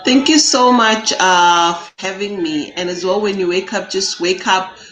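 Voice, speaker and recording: A woman's voice: medium pitch, unhurried, fairly bright tone, faint music behind, poor audio. A woman life coach speaking as a guest in an interview, earnest and chatty, often saying "you know". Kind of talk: interview chat.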